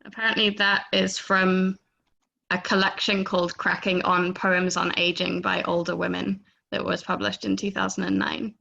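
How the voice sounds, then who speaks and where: A woman reading a poem aloud on a video call, giving the quoted lines lively voices. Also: medium pitch, normal speed, vocal fry, dull audio. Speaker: poetry reader.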